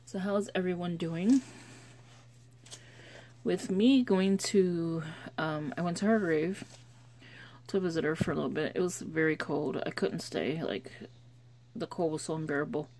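Casual woman vlogger, low-pitched, mellow, chatty and meandering. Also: a little slow, long pauses. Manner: chatty, rambling, with restarts. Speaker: scripture-writing vlogger. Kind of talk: casual devotional vlog. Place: lives in Chicago.

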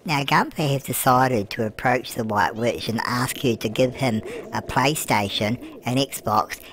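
Doing comic in-character let's-play commentary on a life-sim game, a man plays a chatty elderly British grandmother who fusses, teases, gossips, coos "love" at everyone, and answers her own questions. His voice is medium in pitch, a little slow, and fairly bright, with background music and slight background noise.

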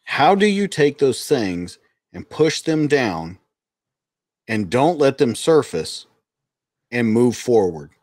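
A man's voice: mid-range voice, sing-song, takes it slowly, long pauses, darkish tone, no room sound, studio quality. A man interviewing a guest, asking direct, probing questions. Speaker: podcast interviewer.

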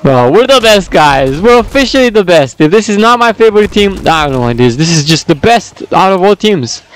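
A man giving excitable let's-play commentary, whooping and shouting at the game as he plays. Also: high-pitched, brisk, clean tone. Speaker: gaming commentator.

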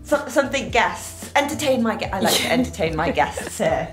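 A woman's voice: medium pitch, very animated, normal speed. A young woman giving a playful mock-posh tour of a large house, teasing and giggling as she talks. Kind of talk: casual playful tour chat. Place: rooms of a large house, indoors. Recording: echoey rooms with music behind.

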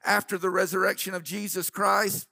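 A man preaching from the pulpit with a high, bright, ringing voice. He tells the story vividly and acts out each character's lines. The sound is dry and close, with no room echo. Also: normal speed, vocal fry, soft background music. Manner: animated preaching, quoting scripture in character voices. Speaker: pastor. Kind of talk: sermon. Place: church.

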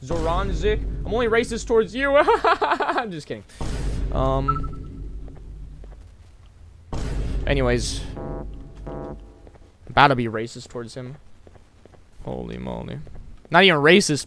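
A young man streaming a game, joking with chat and breaking into loud yelling bursts. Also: on the high side, wildly swooping pitch, measured pace, gravelly, pauses often. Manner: hyper, jokey, bursts of yelling. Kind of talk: live game streaming commentary.

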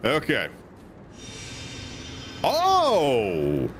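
A young man chatting casually while playing a co-op game, playful and quick to laugh. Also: mid-range voice, huge pitch swings, faint music behind. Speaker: streamer. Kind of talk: casual co-op gameplay chat.

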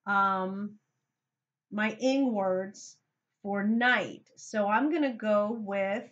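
A woman's voice: mid-range voice, fairly bright tone, muffled recording. A woman teacher giving a recorded grammar lesson, thinking aloud and talking straight to her students.

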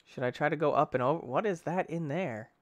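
A young man giving excitable let's play commentary, talking to himself, exclaiming and using mild cursing substitutes. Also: a little high, a little fast, no room sound, dull audio. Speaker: gaming YouTuber.

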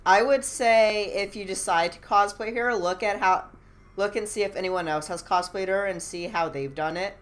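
A woman streamer giving relaxed, chatty commentary over a game and laughing easily. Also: mid-range voice, normal speed. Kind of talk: casual live-stream commentary.

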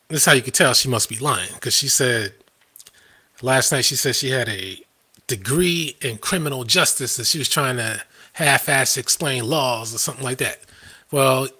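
Husky, bright-voiced ranting man. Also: mid-range voice. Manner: combative, scoffing, laughs at his own points. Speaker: live stream host. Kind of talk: ranting live-stream commentary.

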